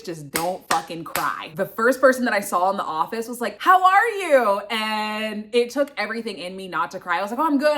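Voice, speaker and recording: A young woman telling a casual storytime vlog, animated and swearing, acting out what others said. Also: mid-range voice. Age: young adult. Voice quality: expressive, swearing, acts out voices of others. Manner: animated retelling, swings between loud and hushed. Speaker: vlogger, grad student.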